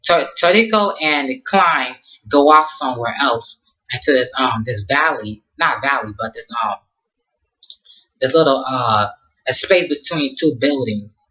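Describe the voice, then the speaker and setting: A man's voice: medium pitch, a little slow, pushed and bright, highs cut off. A man casually recapping an anime episode in slangy talk, rambling with lots of ums and restarts. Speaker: anime reviewer.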